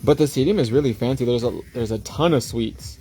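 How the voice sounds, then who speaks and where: A man's voice: mid-range voice, mellow, soft background music. A man hosting a casual livestream, chatting and joking while doing nails. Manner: chatty, jokey, drawn-out asides. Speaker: nail artist and livestream host.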